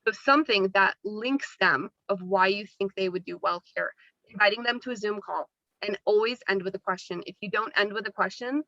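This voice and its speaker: A woman's voice: mid-range voice, pushed and bright, dry recording, highs cut off. A woman leading a Zoom training call for her team, upbeat and chatty, talking with her hands as she coaches new members. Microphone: laptop mic on video call.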